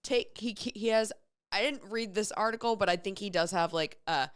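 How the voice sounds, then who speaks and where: A woman co-hosting a morning show, chatting playfully and dropping quick interjections. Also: medium pitch, clean tone. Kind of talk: casual radio show banter.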